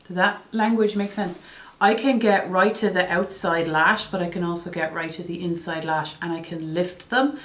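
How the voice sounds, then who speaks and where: Chatty woman vlogger, slightly low voice, exasperated asides, roomy echo. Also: steady tone, normal speed, a bit bright. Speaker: beauty vlogger. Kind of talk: casual product review vlog.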